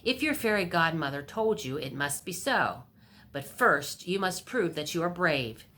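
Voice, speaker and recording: A woman voicing a scheming, pushy king in a storybook reading, talking brisk and excitable. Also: lowish voice.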